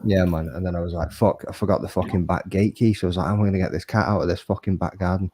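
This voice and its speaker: A man's voice: deep voice, steady tone, very fast, a little mellow, breathy edge, dry recording. A man telling stories in casual, sweary chat. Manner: sweary, storytelling.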